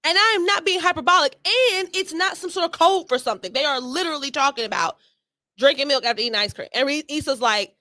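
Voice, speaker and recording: A woman co-hosting a podcast, talking in a blunt, sarcastic, animated way. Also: sits high, fast, dry recording. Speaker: podcast co-host. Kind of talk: casual commentary chat.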